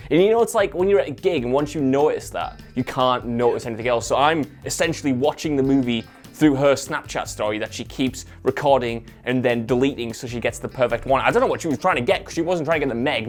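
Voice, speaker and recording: Bloke telling a funny story, dry sarcastic asides, mid pitch. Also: male voice. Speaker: film pundit. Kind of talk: comic anecdote to camera.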